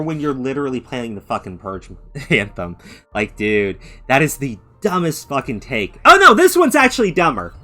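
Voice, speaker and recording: A man's voice: a little high, sing-song, normal speed, bright, forceful tone, soft background music. A man hosting an angry reaction commentary, ranting with heavy profanity and mocking others in put-on voices. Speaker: commentary channel host.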